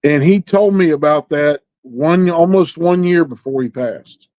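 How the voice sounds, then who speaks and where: A middle-aged man with a somewhat high voice tells a story as a podcast guest. He speaks plainly in rural grammar and pauses to find his words. The sound is dry and close, on a dull, lo-fi recording. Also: a little mellow, no echo. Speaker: interview guest.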